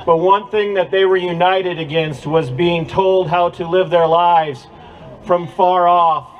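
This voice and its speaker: A man's voice: high-pitched, steady tone, measured pace, dull audio. A man giving an impassioned speech to a crowd at an outdoor rally, with a preacher-like cadence. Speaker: rally speaker.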